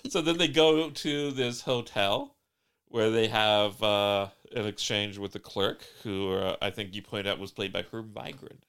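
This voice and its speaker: Dry-witted man with a smooth voice. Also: fairly low pitch, a little slow. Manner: dry, wry storytelling with deadpan teasing. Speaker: podcast co-host. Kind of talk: casual chat recapping a TV episode.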